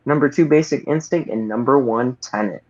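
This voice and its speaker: A man's voice: medium pitch, moderate pace. A man co-hosting a podcast over a call, with laid-back, dry teasing. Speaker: podcast co-host. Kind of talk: casual chat over a call. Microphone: remote call mic. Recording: dull lo-fi call audio.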